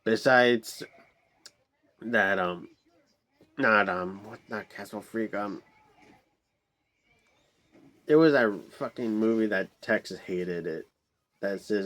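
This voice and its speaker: A man's voice: fairly low pitch, slow, pauses often, fairly bright tone. A man giving a casual, rambling movie review, swearing a lot, with many fillers and restarts and exasperated outbursts.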